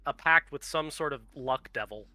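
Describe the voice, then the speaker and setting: A man's voice: on the high side, moderate pace, crowd noise. A man running a tabletop game as game master, casual and swearing, often laughing.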